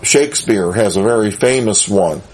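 A man's voice: fairly low pitch, moderate pace, darkish tone. A man giving a conversational Bible lesson, chuckling often and asking his listeners rhetorical questions. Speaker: Bible teacher.

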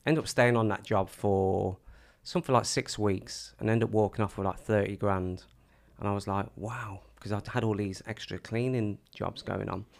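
A man's voice: on the low side, normal speed, vocal fry. A man telling his own story casually, acting out the things people said to him. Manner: animated storyteller acting out quoted dialogue.

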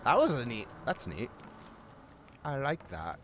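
A man's voice: medium pitch, wildly swooping pitch, unhurried, long pauses, slight background noise. A young man giving let's-play commentary on a horror game, with jumpy, chatty, half-joking reactions to scares. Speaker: gaming YouTuber.

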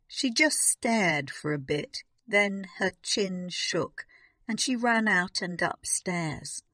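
A woman voicing a puzzled, chatty schoolmistress recounting events, in a slow storybook reading. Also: mid-range voice, fairly bright tone, no echo, clean studio sound. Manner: wondering, chatty.

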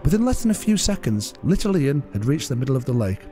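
A man's voice: medium pitch, very animated, fast, warm tone, faint music behind. A man, co-hosting a podcast and reading out an absurd comic story in a mock-solemn voice, breaking into laughs now and then. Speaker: podcast co-host.

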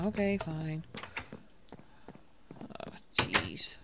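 A woman's voice: on the low side, unhurried, noisy background. A woman casually talking through her gameplay, thinking aloud and reading out game text. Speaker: gaming video host.

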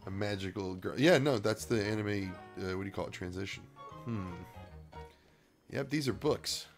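A man's voice: lowish voice, normal speed. A man hosting a let's-play, chatting casually, reading game text aloud and riffing on it with laughs. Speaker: gaming channel host. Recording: game music playing under the voice. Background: video game music.

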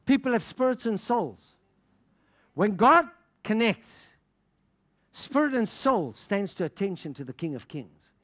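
A middle-aged pastor from Africa preaching with passion. His voice sits high for a man and swings all over the place as he acts out the people in his stories. He laughs between anecdotes. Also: sing-song, unhurried, long pauses, fairly bright tone. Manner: passionate storytelling with laughter and quoted dialogue. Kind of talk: sermon.

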